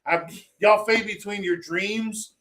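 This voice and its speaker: A man's voice: high-pitched, takes it slowly. A man telling stories in loose, profane podcast chat, acting out the lines of people he quotes. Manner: profane, animated storytelling, acts out quotes. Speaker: podcast co-host. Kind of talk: casual chat.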